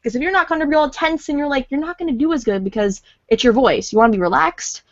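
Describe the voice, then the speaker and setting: A woman voice actor chatting on a podcast, excitable and rambling, repeating words for emphasis. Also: sits high, fast, no room sound, lo-fi sound. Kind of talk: casual podcast chat.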